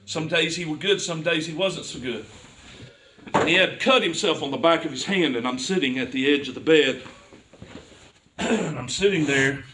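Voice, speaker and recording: A man's voice: fairly high pitch, moderate pace, far from the mic, background noise. A man, preaching a personal testimony with impassioned storytelling that builds to fervent cries. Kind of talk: sermon testimony.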